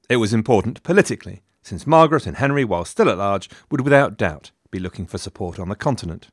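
A man's voice: on the low side, no echo, studio quality. A man hosting a history podcast, reading a scripted narration with wry, sarcastic asides.

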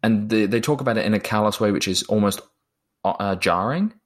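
A man's voice: on the low side, fairly quick. A man discussing a film in a thoughtful, hesitant way, often repeating words as he talks.

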